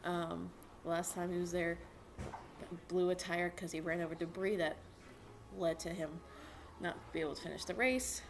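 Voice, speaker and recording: A young woman vlogging at home, rambling excitedly with lots of fillers as she talks about racing. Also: on the low side, normal speed, background noise. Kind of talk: casual chat to camera. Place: at home with a dog.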